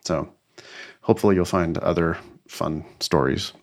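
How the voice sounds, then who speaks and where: A young man talking casually as a podcast co-host, relaxed and reflective, often laughing as he talks. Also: sits low, moderate pace, vocal fry. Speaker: podcast co-host, LSAT tutor. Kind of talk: casual chat.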